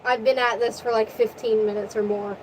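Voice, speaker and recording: Animated woman ranting, voice tiring. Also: fairly high pitch, slight background noise, rough recording. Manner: animated, profane, rapid recap. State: voice tiring from long talking. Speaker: vlogger. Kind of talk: casual storytelling rant.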